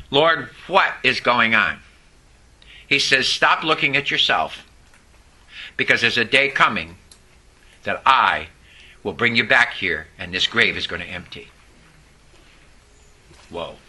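Male pastor, sermon, storytelling, call-and-response, sharp bright tone. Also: high voice, a little hiss or hum, rough recording.

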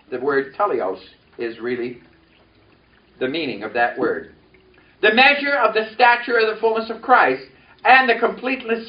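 A man preaching a sermon, telling a personal story and leading the congregation in call-and-response. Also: very high voice. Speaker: pastor. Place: church sanctuary. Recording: echoey, distant, dull church recording.

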